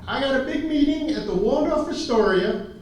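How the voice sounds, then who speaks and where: A man doing a brash, stubborn old oilman who barks orders, his voice pitched well above the man's own. It sounds roomy and echoey, as if heard from across a hall. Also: lively intonation, normal speed, slight background noise. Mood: insistent. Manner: raised, insistent, pushy delivery. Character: older male oilman, brash, loud and stubborn. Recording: echoey hall, speaker far from mic.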